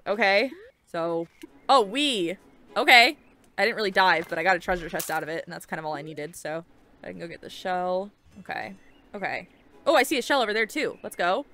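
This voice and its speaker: A young woman giving casual, excitable let's-play commentary while playing a game, chatty and swearing casually. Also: medium pitch, a little fast, no echo. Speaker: gaming video creator.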